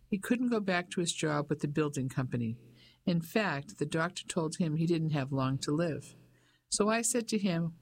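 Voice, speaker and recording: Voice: medium pitch, creaky, no echo. Gossipy Cockney landlady, middle-aged, brash and talkative, as a reader puts her on in an audiobook. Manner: chatty, gossipy. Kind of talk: audiobook character voice.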